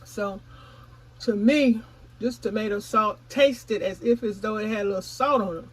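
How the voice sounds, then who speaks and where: Eine Frau, die in lockerem Plauderton für ihren Gartenkanal vlogt, ihre Zuschauer direkt anspricht und manchmal beim Kauen redet. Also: female voice, medium pitch, normal speed, breathy edge, rough recording. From California. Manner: chatty, addresses viewers as y'all; talks while chewing. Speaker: gardening vlogger. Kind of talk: casual vlog chat.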